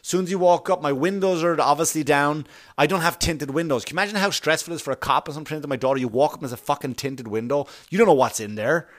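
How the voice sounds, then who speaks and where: A man's voice: a little high, fast talker, fairly bright tone. A man from Long Island, a comedian giving a blunt, profane monologue and acting out other people's voices. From Long Island, New York.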